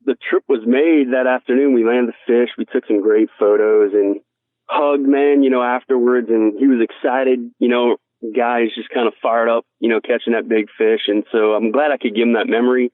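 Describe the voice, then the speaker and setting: A man's voice: medium pitch, steady tone, moderate pace, no room sound. A man being interviewed as a guest angler, telling stories in an earnest, heartfelt way, often saying "man". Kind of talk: casual storytelling interview. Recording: dry, tinny phone-like line.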